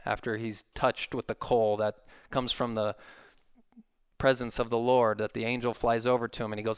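Man, pastor, sermon, earnest preaching, smooth resonant voice, dry close sound. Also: mid-range voice, flat delivery, brisk, dry recording. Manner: earnest preaching, rising when quoting scripture.

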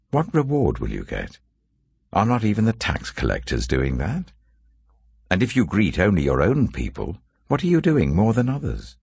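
A man slowly and solemnly reading scripture aloud, with a very deep, gravelly, husky voice. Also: dry recording, studio quality. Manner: slow, measured, expressive reading. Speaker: scripture reader.

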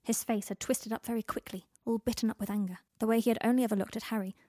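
A woman's voice: a little high, quick pace, dry recording. Woman reading a story, dry close sound. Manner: expressive narrative reading. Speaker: audiobook reader. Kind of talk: storybook narration.

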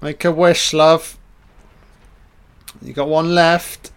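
A man's voice: on the high side, flat delivery, slow, smooth. A man giving a casual, profane and sarcastic commentary over a film. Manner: profane, sarcastic riffing on the scenes.

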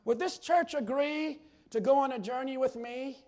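A man preaching a sermon with fervor, swinging between loud exclamations and quiet, chatty asides to the congregation. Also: extremely high pitch, normal speed.

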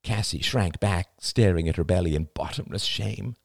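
A man reading a novel aloud as an audiobook, with expressive, dramatic storytelling. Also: low voice, moderate pace, creaky, no echo, studio quality. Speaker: audiobook narrator. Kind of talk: scripted audiobook narration.

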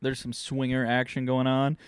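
A man's voice: mid-range voice, completely flat delivery, moderate pace, clean tone, no echo, clean studio sound. A young man co-hosting a podcast, joking around in slangy casual chat. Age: young adult. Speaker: podcast co-host.

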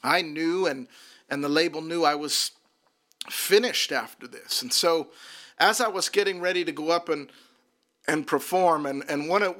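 A man's voice: a little high, moderate pace, sharp tone. A man who works as a minister, telling his personal testimony earnestly and often repeating words as he restarts a sentence.

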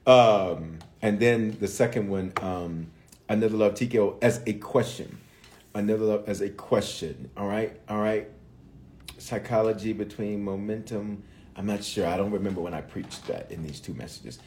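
A man's voice: on the low side, normal speed, darkish tone, a little hiss or hum. A man, a bishop, recapping a sermon series live with viewers, repeating phrases for emphasis and calling out people by name.

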